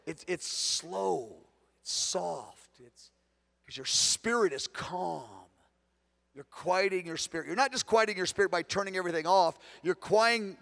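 A man with a high-pitched voice teaches a conference session on prayer. He is earnest, dropping to a hushed tone for prayers and rising to emphatic preaching. He often repeats and corrects himself mid-phrase. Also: creaky. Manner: repeats words, self-corrects.

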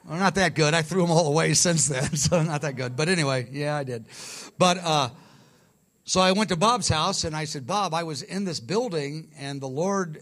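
A man's voice: on the high side, fairly bright tone. An older male preacher telling a personal story in a sermon, conversational and rambling, correcting himself as he goes.

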